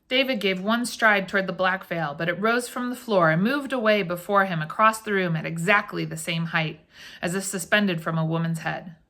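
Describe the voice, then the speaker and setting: A woman reading a ghost story aloud for a library program in a measured, dramatic way. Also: mid-range voice, sharp tone. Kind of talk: scripted narration.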